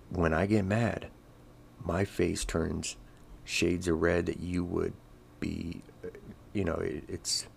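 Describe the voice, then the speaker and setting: A man's voice: low-pitched, vocal fry, slight background noise. A man hosting a podcast, talking in a crude, sarcastic, rambling monologue full of swearing. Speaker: podcast host. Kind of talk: casual comedic monologue.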